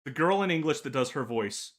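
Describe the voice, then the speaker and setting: A man co-hosting a casual gaming podcast, talking in halting bursts full of filler pauses. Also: fairly high pitch, lively intonation, a bit bright. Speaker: podcast co-host.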